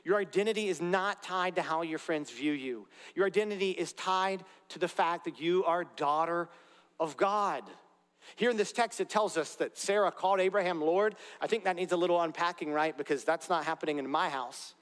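Speaking at normal speed in a high, slightly bright voice, a man preaches his sermon as pastor of a church. His delivery is earnest and direct, dotted with conversational asides to the congregation. The sanctuary's large hall produces a long reverb.

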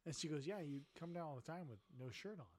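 A man's voice: on the high side, expressive, fast talker, heavy background noise. A middle-aged man on a podcast, telling a story in a boisterous, profane way and laughing as he talks. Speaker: podcast co-host. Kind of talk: casual drunken storytelling.

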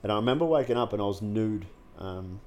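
Male guest, low voice, raw and frank, salty language, loose conversational delivery with fillers. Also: animated, quick pace, darkish tone, a little hiss or hum. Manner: frank and unguarded, heavy swearing, many fillers and restarts. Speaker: guest sharing his recovery story. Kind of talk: candid conversational interview.

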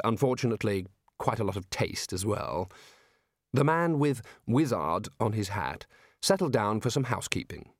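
A male audiobook narrator reads a storybook in scripted narration. His voice is on the low side, and the sound is dry and close with no room echo.

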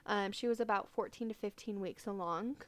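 A woman's voice: mid-range voice, a little fast. Chatty young woman telling a story. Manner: chatty storytelling with many fillers and quoted asides. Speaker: podcast co-host. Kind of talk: casual true crime chat.

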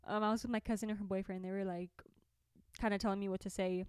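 A woman's voice: mid-range voice, brisk, pauses often, a little mellow, clear, resonant tone, no room sound, clean studio sound. A young woman hosting a podcast, telling a story to camera in a chatty way, laughing often, in a small bedroom. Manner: chatty, laughing, lots of fillers. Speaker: podcast host and musician. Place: small orange bedroom by a window.

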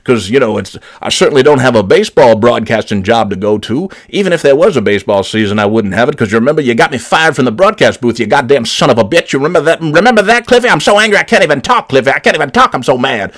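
A man's voice: mid-range voice, expressive, quick pace, few pauses, a bit bright. A man voicing an angry uncle who used to announce baseball, ranting and swearing in a comedy voicemail. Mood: furious. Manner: swearing, sputtering rant.

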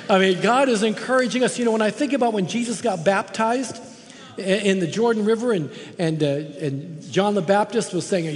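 A guest preacher delivers an impassioned, emphatic sermon in a church sanctuary, repeating words for stress. His voice sits high at a moderate pace, trailing a long reverb.

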